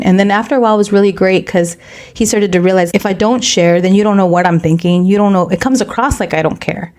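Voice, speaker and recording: A podcast co-host with a mid-range voice chats casually, telling stories in a fast, animated way. She mixes Spanish phrases into her English and acts out quoted dialogue in a raised voice.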